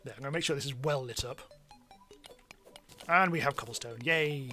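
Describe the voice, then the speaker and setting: Excitable man streaming a game. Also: a little high, moderate pace, faint music behind. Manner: chatty, self-mocking, bursts into excited yelps. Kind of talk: live let's-play commentary.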